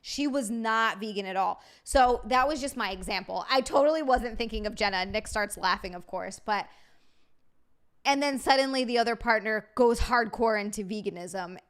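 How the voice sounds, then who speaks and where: Woman, young adult, host, casual chat, fairly high pitch, chatty, laughs often. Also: normal speed. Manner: chatty, laughs often, reads viewer messages aloud.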